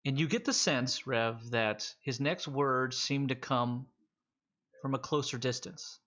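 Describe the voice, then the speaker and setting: Brief: unhurried male game master, mid pitch, on muffled lo-fi audio. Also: fairly bright tone. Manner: slow, drawn-out narration. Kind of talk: narrating a tabletop game. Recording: dull lo-fi audio.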